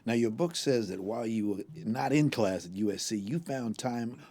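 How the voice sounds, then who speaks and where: A man hosting an interview who prompts his guest with brief, steady questions. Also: medium pitch, moderate pace. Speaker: host.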